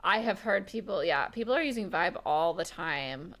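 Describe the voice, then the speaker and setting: Animated chatty woman in her thirties. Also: fairly low pitch, normal speed. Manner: animated, chatty, laughs often. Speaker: podcast co-host. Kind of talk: casual chat.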